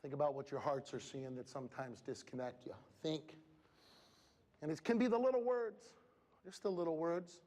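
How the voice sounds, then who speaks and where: A man giving a lively, jokey motivational talk to students at a school assembly, working the crowd. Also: moderate pace. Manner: animated, punchy, jokey crowd work with big shifts in pitch. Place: large school hall. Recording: reverberant school hall.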